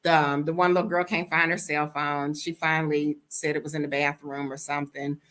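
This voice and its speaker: Sassy, animated American woman storyteller. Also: deep voice, a little fast. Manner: animated, blunt, sassy, acts out quoted dialogue. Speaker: vlogger telling a story. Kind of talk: casual storytime monologue.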